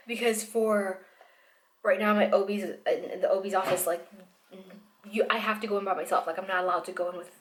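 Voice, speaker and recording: Young pregnant woman, casual video-diary vlogger, rambling and self-interrupting, mid-pitched voice, camera mic. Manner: rambling, with restarts and laughter.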